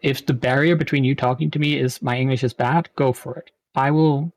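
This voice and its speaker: Laughing animated man in his thirties. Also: mid-range voice. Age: 30s. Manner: animated storytelling, quick laughs. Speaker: guest streamer. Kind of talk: casual interview chat.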